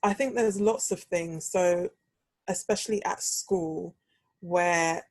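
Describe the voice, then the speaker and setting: A woman's voice: lowish voice, steady tone, takes it slowly, a little mellow, no room sound. A young British woman hosting a podcast, telling a story in casual chat and acting out the quoted dialogue. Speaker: podcast host.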